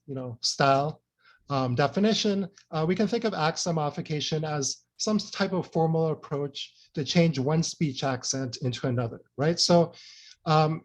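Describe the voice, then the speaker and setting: A man delivering an academic talk in a somewhat high voice. He keeps it conversational, leaning on "you know" and checking in with listeners through frequent tag questions. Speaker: invited speaker. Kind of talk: academic lecture.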